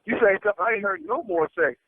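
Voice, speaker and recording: Man, eager casual chat, high-ish voice, tinny phone sound. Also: no echo. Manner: eager, agreeing, talks in quick bursts.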